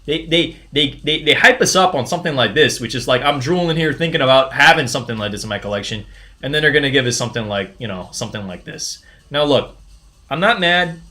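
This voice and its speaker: A man hosting a live sneaker unboxing stream, talking in a casual, excitable way and often stumbling and restarting his sentences. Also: mid-range voice, fast. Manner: excitable, chatty, frequent restarts and stammers. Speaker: sneaker livestream host.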